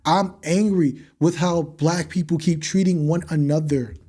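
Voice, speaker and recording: A young man with a fairly high-pitched voice delivers an impassioned podcast monologue. He talks bluntly and heatedly, swearing freely and hammering his points home through repetition. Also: steady tone, unhurried, dark tone. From United States. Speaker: podcast host.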